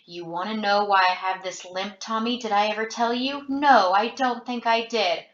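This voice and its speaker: A woman voicing a feverish young man who turns on his friend, talking loud and bitter. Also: medium pitch, normal speed, natural voice. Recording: roomy, dull lo-fi home recording.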